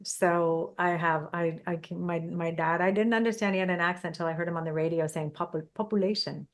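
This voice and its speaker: A woman's voice: fairly low pitch, steady tone, fairly quick. A woman hosting a podcast in casual interview chat, chatty and full of personal anecdotes. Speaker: podcast host.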